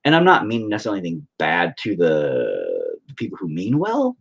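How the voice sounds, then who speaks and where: Husky-voiced man, livestreaming from home on a phone; rambling, profane, lively in pitch. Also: brisk. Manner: rambling, swears freely, animated storytelling. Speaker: livestreaming painter. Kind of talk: casual livestream chat.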